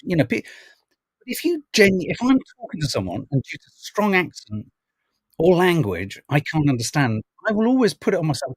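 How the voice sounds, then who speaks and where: A man's voice: a little high, big pitch swings, moderate pace, slightly rough, dry recording, low-quality recording. A man hosting a podcast, chatting wryly about news stories and reading out viewer comments. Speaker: podcast host reading the papers. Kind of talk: casual chat.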